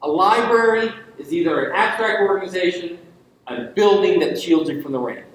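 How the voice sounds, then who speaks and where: A man with a high voice speaks at a moderate pace during an invited public lecture at a university. He's emphatic, throwing in rhetorical questions and ironic asides, and the lecture hall sounds echoey.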